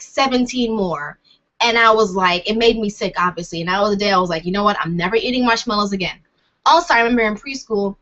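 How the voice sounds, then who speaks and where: A woman's voice: on the high side, bright, forceful tone. A young woman vlogging in a casual chat, rambling and hesitant with many fillers and laughs. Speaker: vlogger answering questions. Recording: dull lo-fi sound.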